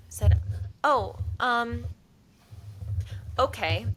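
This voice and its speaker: A woman's voice: on the low side, normal speed, bright, forceful tone, poor audio. A young woman co-hosting a podcast, telling a long story in casual chat and acting out the people she quotes. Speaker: podcast co-host.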